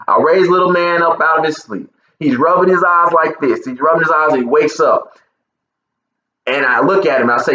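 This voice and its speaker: A man's voice: fairly high pitch, fairly quick, pushed and bright, echoey room, lo-fi sound. A man in his thirties from Texas, telling a personal story as a motivational speaker and speaking directly to listeners. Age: 30s.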